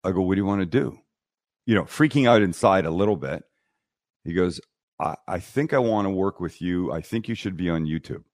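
A man's voice: low-pitched, brisk, no echo, studio quality. A middle-aged man, a cooking show host, telling stories bluntly and acting out the people in them during a casual interview. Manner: blunt, animated storyteller who acts out dialogue. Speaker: TV and YouTube cooking host, guest. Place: podcast studio. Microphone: studio microphone.

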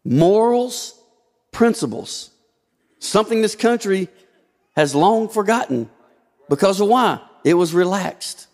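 A man's voice: sits high, animated, normal speed, a little mellow. A man preaching a sermon as pastor, asking rhetorical questions and shifting his emphasis often. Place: church sanctuary. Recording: long hall reverb.

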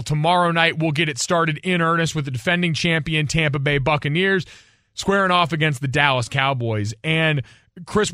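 Bright-voiced wry sports radio host. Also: male voice, on the high side, no echo, studio quality. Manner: quick, wry and chatty. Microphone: studio microphone.

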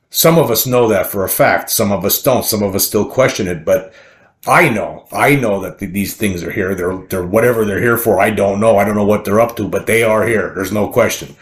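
A man reading an article aloud and commenting on it, excited and emphatic, repeating words as he builds his point. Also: fairly low pitch. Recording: roomy echo.

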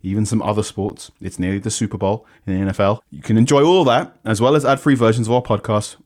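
A man's voice: lowish voice, fairly even intonation, quick pace, a little mellow. A young man hosting a football podcast, chatting casually and reading promotions in an upbeat way. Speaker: podcast host.

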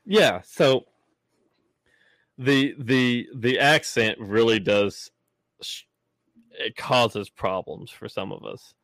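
A man with a Southern US drawl chats loosely and profanely, his laughter never far off. His voice sits at an ordinary middle pitch. It is recorded dry and close, with no room sound. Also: slow pace, pauses often, a bit bright, no echo. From Southern United States. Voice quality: profane, blunt, laughs often. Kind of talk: casual chat.

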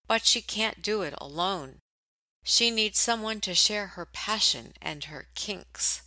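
A woman narrating book blurbs for an audiobook in a smooth, teasing promo manner. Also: mid-range voice, expressive, takes it slowly, sharp tone, no room sound, low-quality recording.

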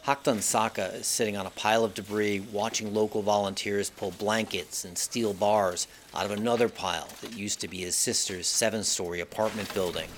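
A man reports from a disaster zone in a measured, grave narration. His voice sits fairly low. A faint outdoor ambience hums behind him. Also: fairly even intonation, a little hiss or hum. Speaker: foreign correspondent. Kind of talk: scripted news report from the field.

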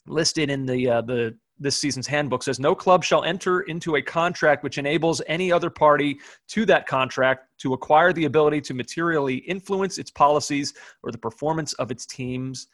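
A man co-hosting a casual sports podcast, recapping news with restarts and quick laughs. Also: a little high, a bit bright, dry recording, studio quality. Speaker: podcast co-host.

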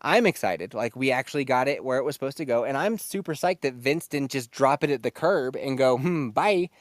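Podcast host type: man, animated storyteller, swears freely, close dry mic, middle pitch. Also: fairly quick, no room sound. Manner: profane, laughing, animated retelling. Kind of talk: casual storytelling.

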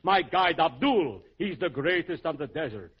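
A man's voice: on the high side, lively intonation, normal speed, husky. An actor playing a shrewd male camel dealer in a 1940s radio comedy, with sly salesman patter, on a dull old broadcast recording.

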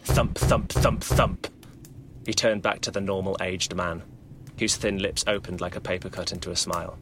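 A man's voice: low voice, little pitch movement, fairly quick, noisy background. A man telling a spooky holiday story with dramatic, rhythmic narration. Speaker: podcast storyteller.

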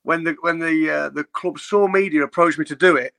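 A man's voice: a little high, steady tone, brisk, gravelly, fairly bright tone. A man chatting as a guest, rambling and laughing through his stories. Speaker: guest singer. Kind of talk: casual chat.

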